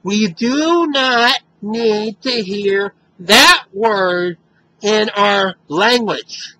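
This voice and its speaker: A man records a direct-to-camera advocacy monologue, upset and openly angry. His voice is bright and forceful. He talks slowly and repeats himself for emphasis. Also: high voice, low-quality recording. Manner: impassioned, emphatic and repetitive. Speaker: video blogger.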